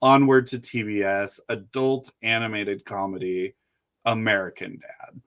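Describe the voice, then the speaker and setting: A man co-hosting a podcast in casual chat, with a dry, deliberate and wry manner. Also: fairly low pitch, fairly even intonation, fairly bright tone. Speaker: podcast co-host.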